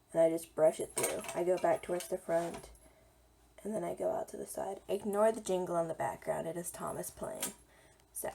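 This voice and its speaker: Young woman, beauty vlogger, slightly hoarse, gravelly, low and mellow voice, faint background noise. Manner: chatty, talks while applying makeup. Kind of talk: casual makeup tutorial.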